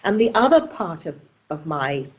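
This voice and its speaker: A woman from England speaking in an interview, theatrical and expressive, slipping easily into other voices. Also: deep voice, moderate pace, muffled recording. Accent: English. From England, born in Oxford. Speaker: actress, festival guest. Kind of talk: conversational interview.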